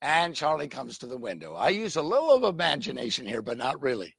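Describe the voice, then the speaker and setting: Gravelly, animated preacher man. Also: mid-range voice, quick pace, no room sound. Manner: animated storytelling, acts out scenes. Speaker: pastor. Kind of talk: sermon.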